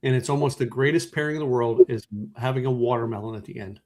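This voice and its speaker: A man's voice: mid-range voice, fast, a crowd in the background. A man, hosting a podcast in casual chat, enthusiastic and tripping over repeated words. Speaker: podcast host.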